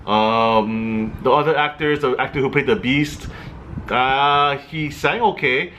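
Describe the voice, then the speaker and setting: A man's voice: medium pitch, a bit bright, slight background noise. A man giving a casual movie review, chatty and a little hesitant, with fillers and restarts.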